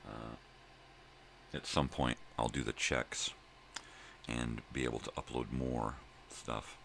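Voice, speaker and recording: Older male vlog host, very low gravelly voice, rambling and profane, faint room hiss. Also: level tone, slow pace, fairly bright tone. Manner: rambling, profane, drifting between thoughts with fillers. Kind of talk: casual morning monologue to viewers. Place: at home in the early morning.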